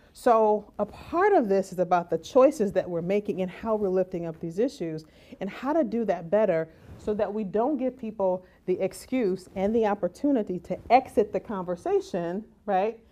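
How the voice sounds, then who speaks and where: A woman giving a lively conference talk as keynote speaker, often asking "right?" and acting out the voices she quotes. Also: medium pitch, moderate pace. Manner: animated, acts out quoted voices, rhetorical "right?".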